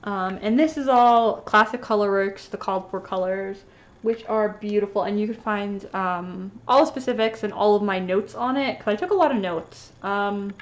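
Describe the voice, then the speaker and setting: A woman talks through her stitching finishes in a loose, rambling chat, circling back with fillers and restarts. A slight lisp softens her S sounds, and her voice sits at an ordinary middle pitch. The home recording is dull and lo-fi. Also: moderate pace. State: sniffly after sneezing. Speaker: cross-stitch vlogger. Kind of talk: casual show-and-tell chat.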